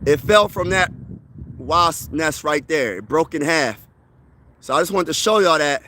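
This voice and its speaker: Hyped high-voiced man hosting a fan channel. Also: lively intonation, measured pace, pushed and bright, slight background noise. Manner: hyped, repetitive fan talk. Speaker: sports fan channel host. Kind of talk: casual live-stream chat. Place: outdoors by trees.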